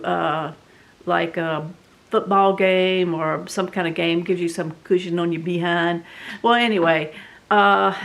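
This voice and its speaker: A middle-aged woman with a Southern US accent tells a story in a casual, animated, dramatic way, full of fillers. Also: fairly low pitch, creaky. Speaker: vlog host.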